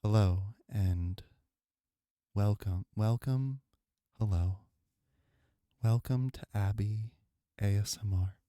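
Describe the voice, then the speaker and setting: A man's voice: lowish voice, warm tone, dry recording, clean studio sound. A man putting on a mock-soothing ASMR announcer. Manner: slow, drawn-out, mock-soothing.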